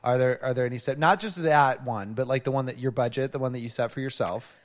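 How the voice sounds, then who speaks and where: A man co-hosts a casual podcast, talking close to a studio mic. He jokes around and pokes fun at himself. His voice sits at an ordinary middle pitch. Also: quick pace, big-room sound. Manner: joking, self-mocking, playful. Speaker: podcast co-host. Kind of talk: casual chat. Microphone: studio microphone, close.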